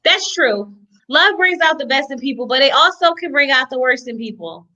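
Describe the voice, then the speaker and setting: High, bright woman on a dull line. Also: moderate pace. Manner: laughs often, conversational and expressive. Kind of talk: casual live-stream chat.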